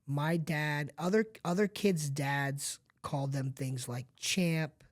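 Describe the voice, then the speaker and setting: A man's voice: on the high side, slow. Earnest middle-aged man telling his story. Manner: earnest and confiding, talks straight to the listener with frequent asides. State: emotional at times. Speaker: podcast guest. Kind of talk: candid personal storytelling.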